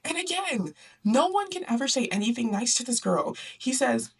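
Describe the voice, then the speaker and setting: A woman's voice: on the high side, sing-song, normal speed, gravelly, husky, recorded from a distance. A young woman hosting a book club, recapping a story in a chatty, sarcastic way, often laughing and acting out the characters. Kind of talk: casual book recap and commentary.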